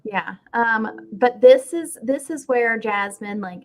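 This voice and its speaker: A woman with a Southern US accent co-hosting a casual fan recap chat, talking in an animated, chatty way. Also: fairly high pitch, slow pace. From Southern United States. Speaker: podcast co-host.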